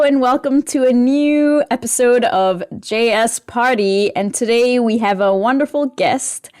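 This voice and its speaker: A woman's voice: a little high, darkish tone. A woman hosting a tech podcast, cheerful and giggly in casual chat. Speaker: podcast host.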